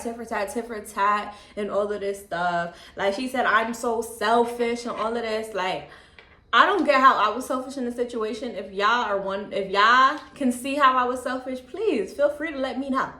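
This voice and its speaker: Chatty young woman in an echoey room. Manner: chatty, candid, says "like" and "you know what I'm saying" a lot; calm, low-key delivery. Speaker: vlogger. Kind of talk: casual storytime.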